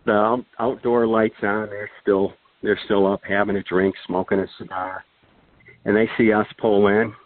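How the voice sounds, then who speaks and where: A man's voice: lowish voice, little pitch movement, normal speed, no room sound. A man, a podcast guest, telling a long anecdote in a casual, rambling way, chuckling and throwing in asides. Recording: thin phone-like sound, dry.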